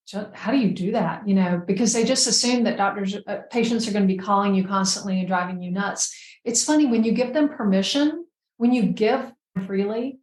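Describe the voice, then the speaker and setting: A middle-aged woman, a physician guest, talking casually and earnestly in an interview, often repeating words as she goes. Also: medium pitch. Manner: earnest, friendly, frequent word repeats. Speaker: gastroenterologist guest. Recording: echoey room.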